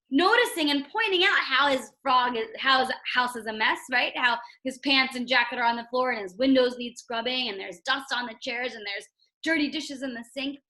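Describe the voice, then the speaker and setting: A woman teacher reading a storybook aloud and explaining it, asking the listener questions as she goes. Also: sits high. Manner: expressive, asks the listener questions. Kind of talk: read-aloud lesson.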